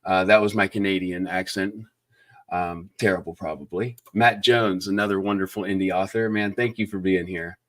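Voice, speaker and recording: A man's voice: deep voice, steady tone, normal speed. A man hosting a live book interview, effusive and enthusiastic, thanking viewers between questions. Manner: enthusiastic, effusive, many fillers and shout-outs. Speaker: booktube interview host. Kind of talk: live-stream interview chat.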